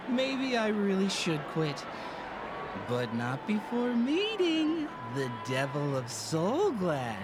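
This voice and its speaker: An actress playing a tipsy, giggling would-be poet in a game. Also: female voice, mid-range voice, huge pitch swings, takes it slowly, over music. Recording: game audio with clear background ambience.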